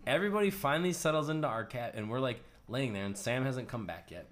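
A man co-hosting a podcast, telling a long story in a rambling, casual way, full of "like" and quick laughs. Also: medium pitch, lively intonation. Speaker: podcast co-host.

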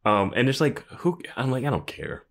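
A man co-hosting a TV recap podcast, joking and reacting with animated asides. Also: medium pitch, moderate pace, gravelly. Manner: jokey, animated reactions, laughs a lot. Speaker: podcast co-host. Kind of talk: casual recap chat.

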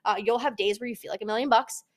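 A woman's voice: on the high side, fast talker. A young woman hosting a casual solo podcast, talking frankly and animatedly, swearing freely. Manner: blunt, frank and profane, animated. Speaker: podcast host.

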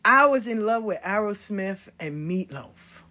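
A middle-aged woman telling stories about her life in a casual, blunt and animated way, swearing freely. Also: mid-range voice, measured pace. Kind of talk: casual storytelling.

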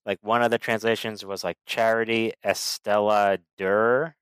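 A man with a smooth, fairly low voice, talking in a measured, thoughtful way and asking his co-host questions. The sound is dry and close, without any room echo. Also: flat delivery, fairly bright tone. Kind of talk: casual chat.

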